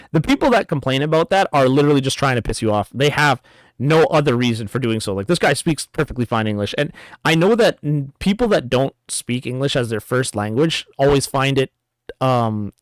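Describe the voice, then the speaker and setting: A man's voice: medium pitch, no room sound. Chatty male reaction host, dry close sound, rambles and restarts. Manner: rambling, stops and restarts often, reads comments aloud. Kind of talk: casual reaction commentary.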